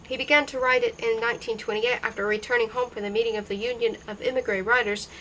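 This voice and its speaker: A woman reading a novel aloud in an even, unhurried way, lightly voicing the dialogue. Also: fairly high pitch, a little hiss or hum, poor audio. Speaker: reader.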